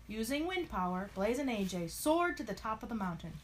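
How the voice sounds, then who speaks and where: A woman narrating a children's storybook aloud in an expressive, animated way. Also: mid-range voice, normal speed, few pauses, slight background noise.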